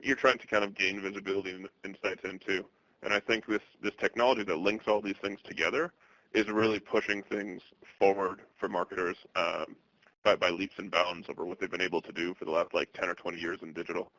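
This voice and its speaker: A man in his thirties from the Boston area presenting a webinar, speaking in a monotone with many fillers and restarts. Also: low voice, no room sound, rough recording. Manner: monotone delivery.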